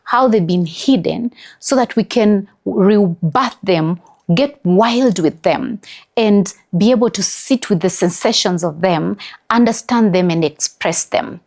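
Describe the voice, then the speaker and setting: A woman's voice: mid-range voice, a little slow, darkish tone. A middle-aged Ugandan woman with a Ugandan English accent, giving an earnest, emphatic motivational wellness talk as host, with many "you know" fillers.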